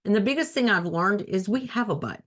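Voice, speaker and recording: A woman's voice: medium pitch, animated, fairly quick. A woman life coach hosting her own talk show, speaking earnestly and conversationally, repeating key phrases for emphasis. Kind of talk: solo talk show monologue.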